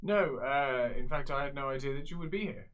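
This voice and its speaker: A man's voice: medium pitch, fairly quick, fairly bright tone. A man playing a character in a tabletop role-playing game, answering the game master in short, polite replies. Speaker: player.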